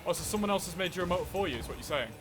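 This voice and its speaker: A man's voice: sits high, lively intonation, rapid-fire. A man streaming a racing game, chatting casually and answering his viewers as he plays. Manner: chatty, replies to chat while racing. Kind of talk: live-stream gameplay chat. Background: game music.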